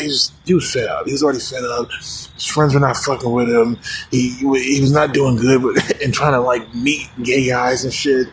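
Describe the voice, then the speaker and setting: A man's voice: mid-range voice, steady tone, brisk, slight background noise, poor audio. A man from the United States in a casual, profane rant to the camera, rambling with many restarts.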